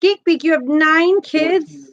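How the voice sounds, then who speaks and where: Through dull audio comes a high, creaky female voice at a moderate pace. She's in her thirties, hosting a casual crochet live stream from home, chatty and giggly while reading viewer comments aloud.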